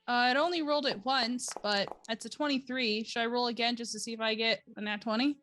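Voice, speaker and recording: A woman's voice: fairly high pitch, steady tone, fairly quick, a bit bright, faint music behind. A woman playing a tabletop game, eager and playful in casual chat. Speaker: player.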